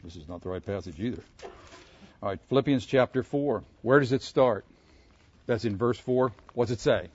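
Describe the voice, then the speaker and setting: A man from Pittsburgh preaching a sermon, animated and asking his listeners questions. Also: mid-range voice, normal speed, breathy edge, dry recording, highs cut off. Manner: animated, asks the audience questions. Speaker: pastor.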